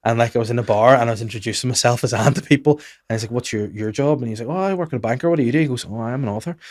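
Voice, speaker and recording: A man's voice: mid-range voice, dry recording, studio quality. A man hosting a podcast, telling rambling anecdotes in casual chat. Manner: rambling anecdotal storyteller, quick and animated. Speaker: podcast host and comedian.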